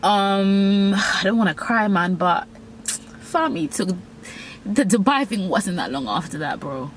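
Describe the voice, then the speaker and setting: A woman's voice: mid-range voice, lively intonation, measured pace, a little hiss or hum. A young woman telling a candid story, blunt, profane and self-mocking. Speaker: vlogger.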